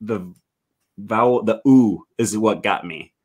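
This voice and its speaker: A man hosting a casual chat, relaxed and curious, with many fillers. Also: lowish voice, takes it slowly, breathy edge. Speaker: host. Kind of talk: casual video call chat.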